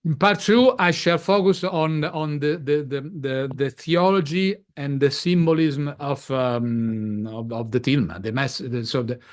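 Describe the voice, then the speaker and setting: A man's voice: mid-range voice, unhurried, few pauses. A man from Italy with an Italian accent, speaking as an interview guest and stopping often to repeat words. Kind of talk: casual interview talk.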